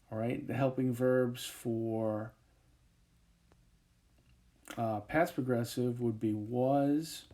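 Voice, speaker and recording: A male teacher giving a recorded grammar lesson over a whiteboard, talking in a relaxed way with many fillers and frequent checks of "okay". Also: medium pitch. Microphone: tablet microphone, voice-over.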